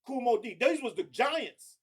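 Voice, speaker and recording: High-voiced man arguing on a podcast. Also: animated, slightly rough. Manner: talks fast and builds his argument with many names. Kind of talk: casual hip hop debate.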